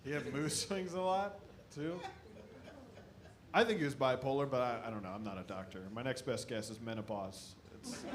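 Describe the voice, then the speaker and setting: A stand-up comedian man from the American Midwest, telling animated stories about his family on a club stage. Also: mid-range voice, slight background noise. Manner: animated storytelling, shouting impressions of his dad.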